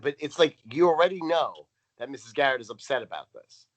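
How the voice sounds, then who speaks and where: A man's voice: mid-range voice, big pitch swings, brisk. A young man co-hosting a casual podcast recap, sarcastic and swearing as he reads out plot notes. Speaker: podcast co-host.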